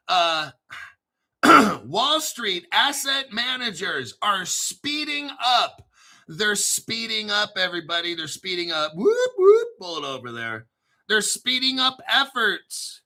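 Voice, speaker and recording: Male crypto host, high and very bright, cusses freely, hyped joking delivery, keeps clearing his throat. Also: big pitch swings, slow. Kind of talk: excitable commentary reading crypto news.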